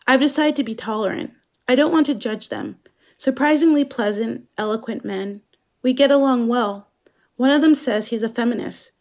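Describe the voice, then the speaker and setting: A woman with a fairly high voice delivers a scripted dramatic monologue. She speaks slowly and in a measured, introspective way. She is from Germany. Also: a little mellow. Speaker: narrator.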